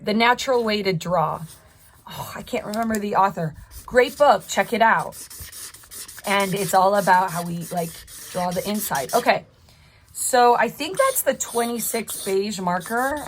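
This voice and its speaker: A woman's voice: mid-range voice, a bit bright. Encouraging woman art teacher mid-drawing. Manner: encouraging, talks while drawing. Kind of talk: live drawing tutorial.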